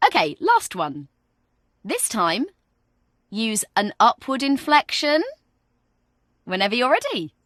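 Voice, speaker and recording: A woman's voice: on the high side, very animated, takes it slowly, long pauses, a bit bright, dry recording. A woman guiding the listener through a communication training exercise in scripted, encouraging narration, coaching them step by step. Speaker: virtual training guide.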